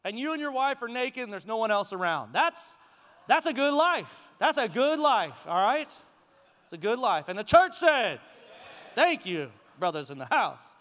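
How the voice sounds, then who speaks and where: A middle-aged male pastor preaching a sermon to his congregation in a church sanctuary, in a conversational, animated way with chuckles. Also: extremely high pitch, moderate pace. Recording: long hall reverb.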